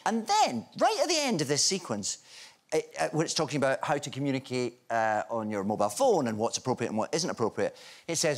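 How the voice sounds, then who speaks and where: A man's voice: fairly high pitch, wildly swooping pitch, brisk. A Scottish man telling a rambling, incredulous anecdote as a guest on a TV chat show.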